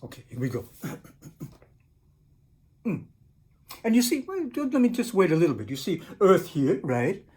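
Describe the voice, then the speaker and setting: A man's voice: high voice, huge pitch swings, moderate pace, long pauses, dark tone, husky. A man reading a picture book aloud and musing over its pictures. He talks casually and keeps tagging lines with "right?" and "you know". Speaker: storyteller and teacher.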